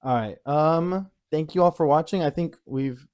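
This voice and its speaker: A woman's voice: deep voice, normal speed, darkish tone. A young woman co-hosting a podcast, chatting casually and teasing playfully with frequent laughs. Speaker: podcast co-host. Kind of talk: casual chat.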